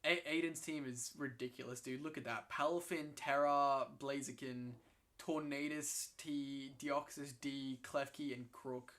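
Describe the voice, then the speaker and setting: A man in casual game commentary, excitable and swearing freely, often restarting his sentences. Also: mid-range voice, measured pace. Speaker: co-host commentating league matches.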